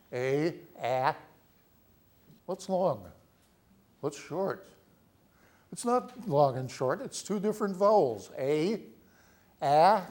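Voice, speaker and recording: A man teaching a lesson, explaining patiently step by step and slowly sounding out words and vowels. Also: fairly high pitch, a little mellow. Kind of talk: spoken lesson.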